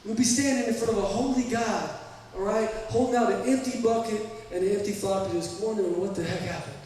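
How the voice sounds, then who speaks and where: A man in his thirties with a Southern US accent, preaching a sermon as pastor, telling animated, self-deprecating stories. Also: high-pitched, a little fast, heavy reverb, long reverb tail, recorded from a distance, slight background noise, poor audio. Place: church sanctuary.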